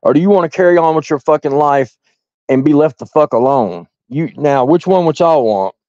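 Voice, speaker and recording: A man's voice: on the high side, a little fast, a little mellow, no echo. A man ranting in a heated way, swearing constantly and rambling as he talks straight to his viewers. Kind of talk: heated profane rant. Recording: dull lo-fi audio.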